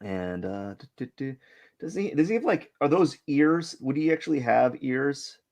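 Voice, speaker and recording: This man's voice sits at medium pitch, gravelly and a bit mellow, with lively intonation at a normal speed, though the audio is dull. Hosting a drawing stream, he thinks aloud while sketching, wandering off topic, hesitating, questioning himself and running down what he makes.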